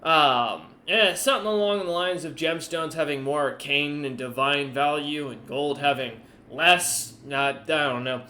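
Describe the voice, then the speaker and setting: A man voicing a cocky, grizzled pirate merchant captain who talks loud and taunting. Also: fairly high pitch, unhurried, hardly any pauses, a little hiss or hum. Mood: boastful.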